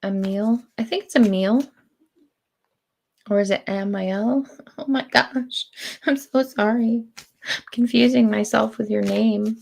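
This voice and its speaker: A woman giving spiritual readings on a live stream, speaking in slow, deliberate, drawn-out phrases. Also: on the high side, fairly even intonation, creaky, a little mellow. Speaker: spiritual reader.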